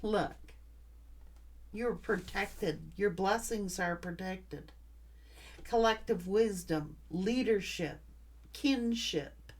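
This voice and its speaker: A woman's voice: medium pitch, very slow, pauses often, a little mellow. A middle-aged woman giving a tarot reading, speaking in an earnest, reassuring way in short, heartfelt phrases. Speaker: tarot reader.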